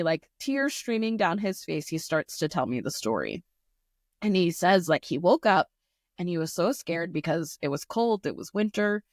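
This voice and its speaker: A woman's voice: fairly low pitch, dry recording, clean studio sound. A woman who teaches, chatting casually and telling a classroom story with lots of fillers. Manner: animated storyteller, many "like" fillers. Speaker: podcast co-host, teacher.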